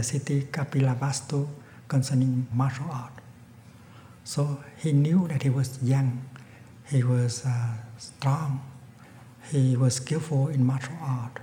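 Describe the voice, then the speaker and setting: A man giving a Buddhist dharma talk, telling a story in a calm, gentle way that often falls to a near whisper. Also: medium pitch, a little hiss or hum. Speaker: Buddhist teacher. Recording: echoey hall, long reverb.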